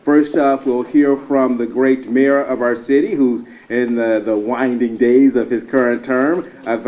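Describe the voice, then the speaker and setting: A man's voice: medium pitch, mellow. A man, a TV weatherman, moderating a town hall and giving upbeat introductions. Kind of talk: event hosting.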